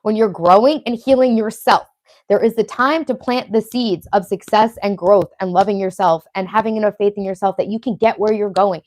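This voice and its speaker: A woman's voice: medium pitch, brisk, darkish tone. A woman in her late thirties with a Long Island accent, hosting a casual live stream, chatty and profane as she reads out viewer comments. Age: 30s. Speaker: livestream host.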